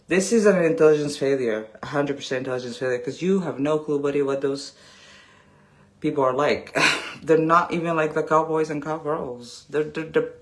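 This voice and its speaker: A woman in her late thirties, from Texas, talking in a loose, rambling vlog rant. Her pitch swings widely from line to line, and she mixes in sarcasm, frequent laughter and sudden hushed asides. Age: 30s. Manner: sarcastic, rambling, laughs often, drops to whispers. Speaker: vlogger. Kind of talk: casual storytime rant.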